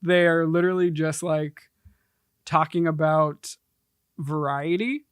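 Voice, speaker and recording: A man co-hosting a podcast who laughs a lot and chimes in with short agreeing replies. His voice is a little higher than most men's, and the sound is dry and close. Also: level tone, slow, clean tone, dry recording. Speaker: podcast co-host. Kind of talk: casual movie review chat.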